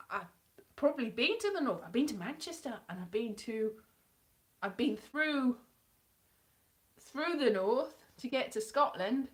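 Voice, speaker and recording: A woman's voice: a little high, lively intonation, measured pace, pauses often. A woman from South Wales, chatting casually and self-deprecatingly on a live stream.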